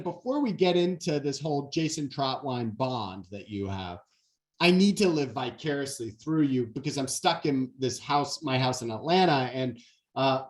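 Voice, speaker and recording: Man, 40s, keynote speaker, lively storyteller with a lot of pitch movement. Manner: animated storyteller, acts out quotes. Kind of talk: motivational keynote talk.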